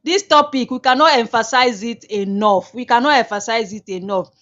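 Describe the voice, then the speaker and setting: Animated woman. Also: on the high side, moderate pace, dull audio. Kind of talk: casual chat.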